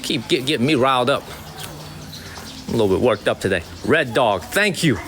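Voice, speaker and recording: A Chicago man with a Chicago accent hosts a casual outdoor livestream in a Chinese water town, talking to chat over soft background music. His mid-range voice is animated, a little fast, and fairly bright; he speaks emphatically, repeats himself, and thanks viewers by name.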